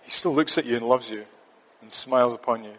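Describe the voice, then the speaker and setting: A man's voice: mid-range voice, a little fast, a bit bright. Preacher guy, earnest and emphatic, repeats himself for stress, echoey church hall sound. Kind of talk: sermon. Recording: long reverb of a church hall.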